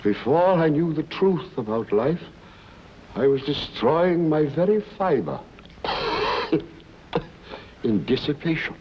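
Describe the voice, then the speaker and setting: A slow, grandiloquent reformed rake. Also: male voice, on the high side, sing-song, a little hiss or hum. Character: reformed dissipated man making a grand stage speech. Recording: dull lo-fi 1940s film soundtrack.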